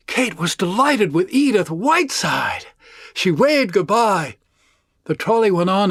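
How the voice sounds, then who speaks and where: A man telling a story aloud, animated and shifting voices for his characters. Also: a little high, creaky, slightly rough, no room sound, studio quality. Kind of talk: oral storytelling performance.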